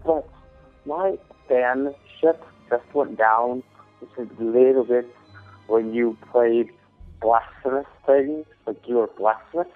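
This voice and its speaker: A man's voice: medium pitch, takes it slowly, faint music behind. A man leaving a voicemail, earnest and indignant. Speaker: voicemail caller. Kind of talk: voicemail message. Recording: tinny phone voicemail.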